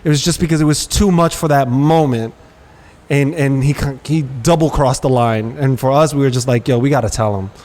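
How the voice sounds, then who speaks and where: A man's voice: medium pitch, moderate pace. A man co-hosting a casual podcast, telling stories and acting out quotes in street slang. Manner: animated storyteller, acts out quotes with street slang. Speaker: podcast co-host.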